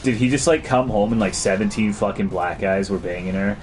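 A man's voice: on the low side, a little fast, a little hiss or hum. A man streaming a game, chatting casually and crudely as he reads and answers his chat.

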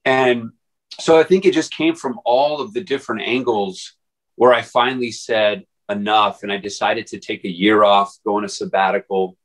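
A man's voice: on the low side, fairly even intonation, moderate pace, fairly bright tone, poor audio. A man guest on an interview podcast, telling his story casually in a rambling way with many fillers and restarts. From Texas.

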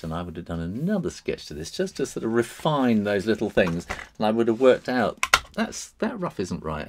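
A man hosting a live drawing stream, chatting with viewers as he works. He talks in a rambling way, chuckles often and uses many fillers. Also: mid-range voice.

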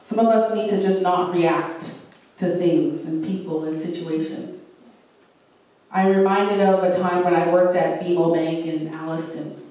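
A young woman delivers a sermon from a church hall, earnest and warm in her storytelling. She slips into the voices of the people she quotes. The sound is very roomy and heard from some distance off the mic. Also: fairly low pitch. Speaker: preacher.

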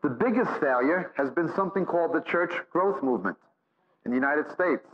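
A man delivers a sermon from the pulpit, his voice sitting a little high for a man. He preaches with emphatic, repeated phrases and long lists. The recording sounds dull and lo-fi. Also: expressive, brisk. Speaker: Bible teacher.

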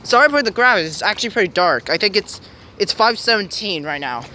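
A young man with a high, light voice narrates a handheld vlog while walking a snowy city street. He rambles cheerfully and often stalls to search for words. Traffic and street noise run loudly behind him. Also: expressive, fast talker. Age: young adult. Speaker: vlogger filming his family walk. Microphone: handheld camera.

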